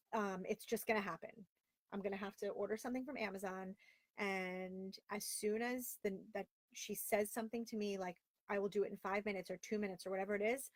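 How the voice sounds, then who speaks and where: A woman's voice: medium pitch, no room sound. A woman in her thirties hosting a casual live stream from home, talking candidly and with exasperation and reading out viewer comments. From Florida, via Long Island. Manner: candid, exasperated and chatty, with lots of "like". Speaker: host of a live video show. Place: home closet.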